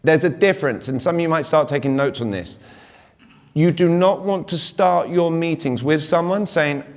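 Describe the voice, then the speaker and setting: A British man in his forties giving an energetic live sales talk at a conference, constantly quizzing the audience. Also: on the high side, normal speed. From Britain. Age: 40s. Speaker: conference speaker. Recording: long reverb of a big hall.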